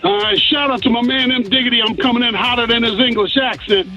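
A man's voice: very high voice, animated, brisk, vocal fry, sharp tone, faint music behind. A man from Western Pennsylvania calling in to a sports show, boastful and jokey with his trash talk. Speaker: caller. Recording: dull phone-line call.

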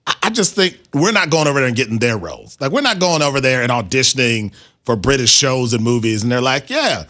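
Male sports radio host, bright voice, halting self-mocking chatter. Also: mid-range voice, lively intonation. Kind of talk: casual sports radio chat.

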